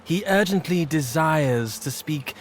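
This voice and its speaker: A courtly messenger who delivers news with stiff ceremony and quiet urgency. His voice sits a little high, with faint game music behind. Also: animated, slow pace. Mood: formal. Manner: formal, ceremonious. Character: formal male herald or messenger, courtly and urgent. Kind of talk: video game voice acting.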